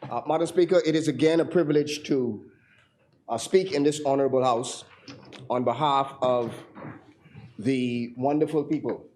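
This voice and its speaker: A hoarse man with a Bahamian accent giving a parliamentary debate speech, halting, with fillers and repeated words. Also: mid-range voice, darkish tone, a little hiss or hum. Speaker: member of parliament.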